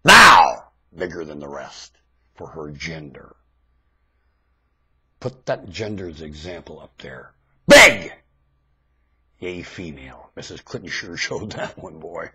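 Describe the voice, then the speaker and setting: A man delivering a ranting webcam monologue into a webcam mic, swinging from low muttering to sudden shouted outbursts in a husky voice. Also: animated, measured pace.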